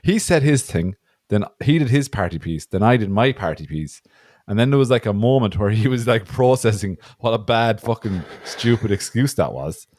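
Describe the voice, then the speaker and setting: An Irish man telling a story against himself on a podcast, voicing every part of it. His voice sits a little low but swings up and down a lot, and the sound is dry and close. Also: animated, moderate pace, darkish tone, no room sound. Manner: self-mocking storyteller, acts out both sides of a story. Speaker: podcast co-host. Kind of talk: casual chat.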